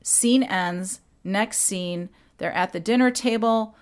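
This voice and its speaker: A woman hosting a podcast, retelling a story casually with animated, quick impressions. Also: medium pitch. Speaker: podcast host.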